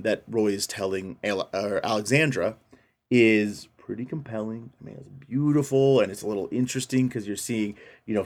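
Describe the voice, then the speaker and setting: Rambling enthusiastic man in casual chat. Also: on the low side. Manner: rambling, enthusiastic, acts out quotes with changed voices. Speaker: podcast co-host recapping a film.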